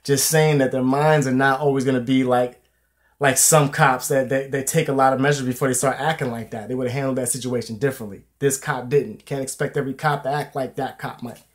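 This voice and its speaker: A man's voice: mid-range voice, steady tone, brisk. A young man talking casually to his viewers in a vlog, loose and profane, with plenty of slang and fillers. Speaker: vlogger.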